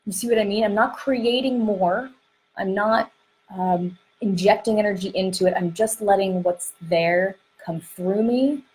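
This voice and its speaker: A woman coaching on dating and emotions in an animated monologue. She often acts out inner voices and uses many fillers. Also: medium pitch, unhurried, rough recording. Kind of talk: podcast-style teaching monologue. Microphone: close microphone she bumps while gesturing.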